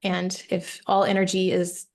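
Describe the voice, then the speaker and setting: A woman's voice: lowish voice, completely flat delivery, unhurried, darkish tone. A woman coach talking as a podcast guest, reflective and emphatic, often checking in with "right?". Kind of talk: casual interview chat.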